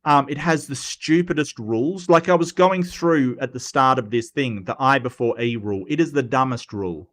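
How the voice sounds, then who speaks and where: A man's voice: medium pitch, moderate pace, hardly any pauses, fairly bright tone. A man hosting a live stream, reading viewer comments aloud and answering them off the cuff in a casual chat.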